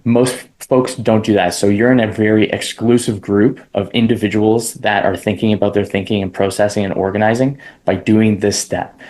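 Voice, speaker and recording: Laid-back low-voiced man explaining steps. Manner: relaxed and conversational, with casual slang. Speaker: interview guest. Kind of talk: casual step-by-step explanation.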